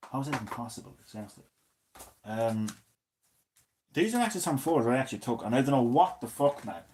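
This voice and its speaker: A man in his thirties, chatting casually and swearing a lot as a gaming streamer, drifting between loud remarks and mumbled asides. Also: medium pitch, a little hiss or hum. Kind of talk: casual rambling commentary.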